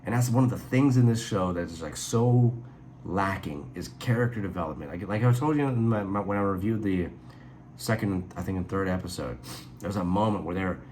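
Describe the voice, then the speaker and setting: A man giving a casual spoken review, retelling a story in a rambling, animated way with quick asides. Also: deep voice, a little hiss or hum. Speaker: reviewer and author.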